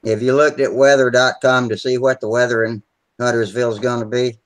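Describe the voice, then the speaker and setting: A man's voice: mid-range voice, little pitch movement, a little fast, low-quality recording. A man chatting on a video call, telling rambling, salty stories and laughing easily. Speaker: regular on a hobby video hangout. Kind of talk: casual chat, swapping stories.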